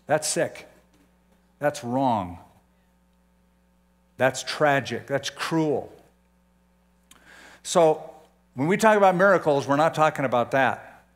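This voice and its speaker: A man's voice: mid-range voice, expressive, slow pace, pauses often. An older man preaching a conversational sermon as a pastor, often putting questions to his listeners.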